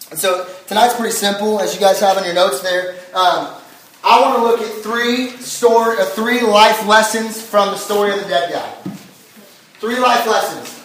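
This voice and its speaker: High-voiced young man preaching in echoey hall. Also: normal speed, far from the mic, a little hiss or hum. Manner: animated storytelling with filler words. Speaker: youth pastor. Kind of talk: casual sermon.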